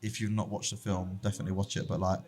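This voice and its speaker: A young man with a lowish voice, guesting on a casual podcast. He talks openly and with warmth, telling personal stories in a heartfelt, candid way. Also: flat delivery, racing, soft background music. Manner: open, candid, heartfelt storytelling. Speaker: barber shop founder, guest.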